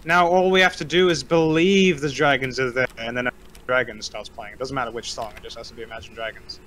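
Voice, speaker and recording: A man's voice: mid-range voice, steady tone, quick pace, fairly bright tone. A young man joining a casual stream chat, joking and rambling through his stories. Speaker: stream guest.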